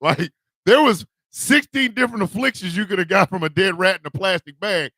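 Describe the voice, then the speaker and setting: A man's voice: high voice, brisk, dry recording, clean studio sound. A man hosting a morning radio show, telling a loose, profane story with laughter and acted-out family lines. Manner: animated, laughing, swearing, acts out his family members. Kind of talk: casual storytelling monologue.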